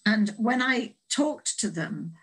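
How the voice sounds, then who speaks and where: A woman's voice: medium pitch, expressive, slow, breathy edge, poor audio. A woman guest author telling a reflective story in an online talk, hesitant with restarts and wry humour.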